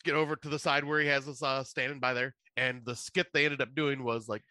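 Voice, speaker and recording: A man's voice: mid-range voice, steady tone, fairly quick, pushed and bright, dry recording. A man co-hosting a podcast, telling a long story in casual chat, laughing often and rambling with many fillers. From Michigan. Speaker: podcast co-host.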